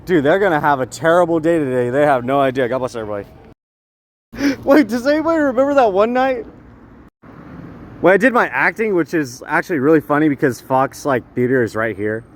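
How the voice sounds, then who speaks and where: A man rambling in a street vlog, laughing and breaking into shouted bursts. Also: on the high side, expressive, a little fast. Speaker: vlogger. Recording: faint street noise outdoors.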